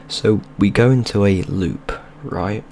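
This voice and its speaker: A man's voice: on the low side, slow, a little mellow, a little hiss or hum. A young man, telling a rambling, sweary story in casual vlog style over gameplay. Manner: rambling, sweary and loose, with many restarts. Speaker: video creator.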